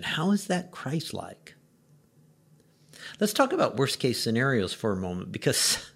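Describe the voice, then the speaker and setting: A middle-aged male pastor with a low, gravelly voice. He talks conversationally and a little wryly, dropping rhetorical questions as he works through a short devotional. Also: fairly bright tone.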